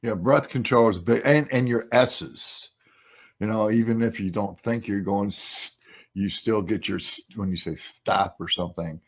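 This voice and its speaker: Gravelly, husky-voiced male host. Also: lowish voice, moderate pace. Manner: rambling, emphatic, trails off and restarts. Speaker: podcast host. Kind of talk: casual interview chat.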